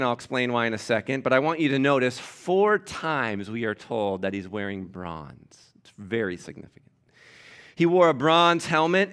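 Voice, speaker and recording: A male pastor delivering a lively sermon in a voice of middling pitch. He teaches from scripture with emphatic, animated energy and keeps speaking straight to the congregation.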